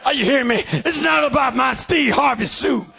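A man preaching a fervent revival sermon in a church, shouting in a steady preacherly cadence. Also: very high voice, normal speed, gravelly, slightly rough. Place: church sanctuary.

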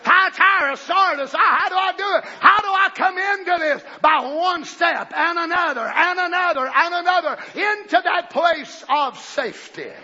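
High, bright, fervent shouting preacher. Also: male voice, moderate pace, hardly any pauses. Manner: shouting, fervent, exclamations of praise. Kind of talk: sermon. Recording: dull lo-fi recording.

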